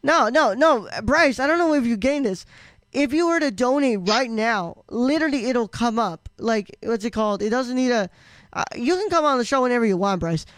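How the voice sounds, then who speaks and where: A man's voice: extremely high pitch, lively intonation, normal speed, fairly bright tone, smooth, no room sound. A man co-hosting a casual live-stream podcast, rambling with lots of fillers and restarts. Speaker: podcast co-host.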